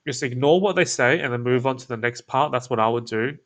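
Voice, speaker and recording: A man with an Australian accent explaining a cold call script in a casual teaching talk, his voice creaky and croaky, kept laid-back and toned down. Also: a little fast, fairly bright tone. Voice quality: creaky, croaky low delivery. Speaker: agency owner teaching cold calling. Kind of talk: casual instructional talk with demo lines.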